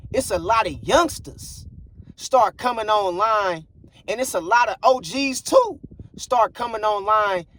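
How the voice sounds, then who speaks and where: A man's voice: high voice, fairly bright tone, a little hiss or hum. A man giving blunt, preachy relationship advice in a casual monologue, repeating himself for emphasis. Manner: blunt, preachy, repeats phrases like "bruh" and "I guarantee you". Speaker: relationship commentator.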